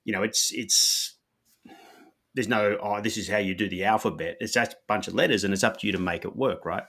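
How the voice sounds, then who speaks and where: Bright-voiced low man explaining. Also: fairly quick. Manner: confident, uses "you know" as filler. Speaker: author guest. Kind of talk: casual explanation.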